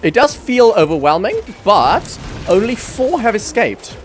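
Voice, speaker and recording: A man's voice: high voice, very animated, measured pace, faint music behind. Wry man commenting on gameplay. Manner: wry, self-mocking, chuckling. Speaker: gaming YouTuber.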